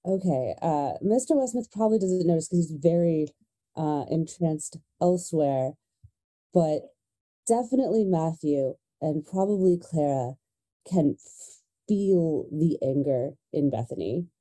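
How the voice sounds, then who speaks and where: Low, dark-voiced woman player. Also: expressive, measured pace, poor audio. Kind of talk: casual role-play talk.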